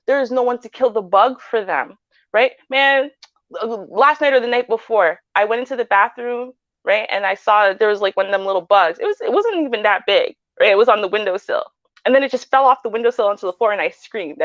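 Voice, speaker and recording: A woman's voice: mid-range voice, a little fast, dry recording, muffled recording. A woman with a Canadian accent, a panelist in a casual chat, telling stories animatedly and often asking "right?". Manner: animated storytelling with frequent "right?".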